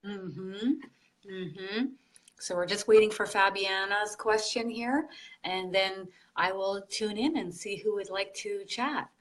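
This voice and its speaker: A woman hosting a live online group, relaying channeled messages slowly and softly. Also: medium pitch. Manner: slow, soft, relaying spirit messages. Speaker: psychic medium, group host.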